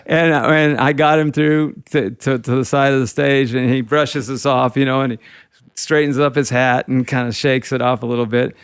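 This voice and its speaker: A man's voice: medium pitch, fairly even intonation, moderate pace, clear, resonant tone, dry recording, studio quality. A middle-aged man, a guitarist, casually telling rambling backstage stories and leaning on "you know" throughout. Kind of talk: casual storytelling.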